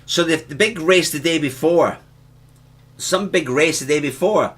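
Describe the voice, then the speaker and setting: Man, co-host, casual chat, excitable and ranting, bright voice, slightly high. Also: measured pace, breathy edge. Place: Tenerife.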